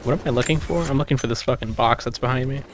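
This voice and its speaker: A man's voice: medium pitch, racing, background noise. An American man streaming a game and chatting casually, often restarting his sentences, swearing freely and laughing easily. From United States. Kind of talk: casual gaming chat.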